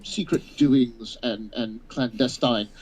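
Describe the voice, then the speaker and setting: A man's voice: medium pitch, darkish tone, slight background noise, close to an everyday voice, low-quality recording. A man voicing a formal, wordy adventurer who halts and restarts as he speaks. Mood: stern. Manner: hesitant, halting, full of restarts. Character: wordy, formal male adventurer making a stiff threat.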